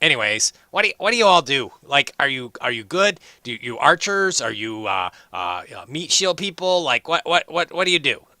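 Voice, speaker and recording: Guy putting on a high squeaky young dwarf, chatty and jittery, bright edgy tone, tabletop game voice. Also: fairly quick, hardly any pauses, no room sound, studio quality, exaggerated voice. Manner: excitable, rambling, stammering questions.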